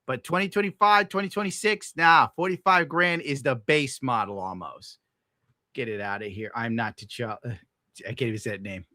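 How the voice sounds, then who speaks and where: A man's voice: moderate pace, pushed and bright, no room sound, clean studio sound. A young adult man hosting a casual stream, ranting in an exasperated, sarcastic way with frequent swearing and sudden jumps into outrage. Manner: exasperated, sarcastic, swears often, bursts into high-pitched outrage. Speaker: podcast host. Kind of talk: casual livestream rant.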